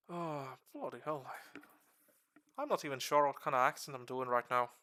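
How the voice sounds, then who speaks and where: A man lecturing on a livestream in a put-on Irish accent that slips toward Scottish, excitable and swearing. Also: fast. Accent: put-on Irish, slipping into Scottish. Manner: excitable, swearing, sudden pitch jumps. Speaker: streamer giving a lore lecture.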